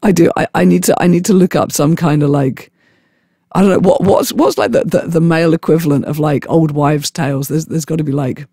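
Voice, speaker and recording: A man with a hoarse voice from a chest infection rambles to camera with giggles and stammering restarts. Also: on the high side, a little fast, mellow, no echo, studio quality. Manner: giggly, stammering, self-mocking. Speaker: vlogger. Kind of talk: rambling casual monologue.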